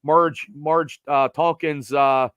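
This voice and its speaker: A man's voice: a little high, takes it slowly, clear, resonant tone, dry recording, muffled recording. A middle-aged man from Pennsylvania hosting a podcast, chatting casually and rambling with lots of fillers. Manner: rambling, animated, trails off with fillers. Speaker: podcast host. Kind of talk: casual sports chat.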